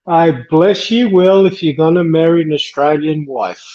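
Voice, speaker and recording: Joking guy, highish mellow voice, kinda dull lo-fi sound. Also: normal speed. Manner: joking, teasing asides. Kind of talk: casual live-stream chat. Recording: dull lo-fi audio.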